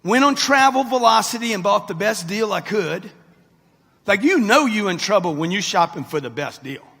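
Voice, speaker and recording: A man in his sixties delivers a live motivational talk with a brash, punchy manner and talks straight at the crowd. His voice sits high for a man and has a husky edge. The sound carries the long reverb of a large event hall. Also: expressive, normal speed, bright, forceful tone. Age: 60s. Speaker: motivational speaker.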